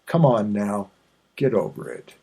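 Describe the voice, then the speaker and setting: A man's voice: fairly low pitch, measured pace, mellow, slightly rough. A man hosting his own podcast, chatting in a digressive, self-mocking way with many fillers and restarts. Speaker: podcast host. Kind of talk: rambling solo podcast chat.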